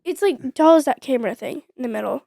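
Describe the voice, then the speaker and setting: A teenage girl joining a family podcast, shy and quick to laugh. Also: high-pitched, lively intonation, vocal fry, mellow, no room sound, clean studio sound. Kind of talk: casual chat.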